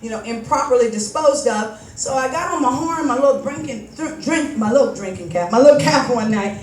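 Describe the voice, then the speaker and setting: A woman's voice: a little high, animated, brisk. A woman comic doing a stand-up set on stage, telling rambling, self-mocking stories and acting out the dialogue. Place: comedy club stage before a live audience. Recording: echoey room, mic some distance off, audience noise.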